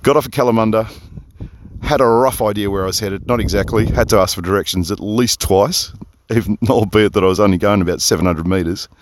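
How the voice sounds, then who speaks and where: Man, lowish voice, chatty rambling diary, phone-close outdoor sound. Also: brisk. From Perth, Australia. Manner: rambling, easily sidetracked, chatty asides. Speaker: audio diarist. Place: outdoors under a big tree, windy. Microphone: phone resting close on his face.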